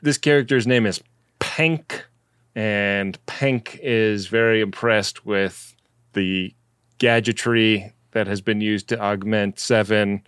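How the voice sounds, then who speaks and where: A man's voice: fairly low pitch, steady tone, slow, fairly bright tone, clean tone, no room sound, studio quality. A man co-hosting a podcast, casually summarizing the plot and laughing often. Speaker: podcast co-host. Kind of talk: casual chat.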